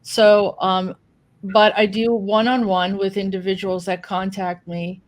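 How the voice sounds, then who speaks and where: A woman answers a host's questions on a podcast. She talks at a middle pitch in a flat, even tone, pausing and restarting often as she works out her answers. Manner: hesitant, many ums and restarts. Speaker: podcast guest. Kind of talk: casual interview answers.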